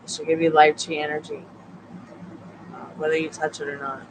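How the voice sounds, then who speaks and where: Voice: medium pitch, flat delivery, brisk, noisy background. A tarot reader hosting a casual late-night live stream from a couch at home, chatting with viewers and the dog, sleepy and yawning.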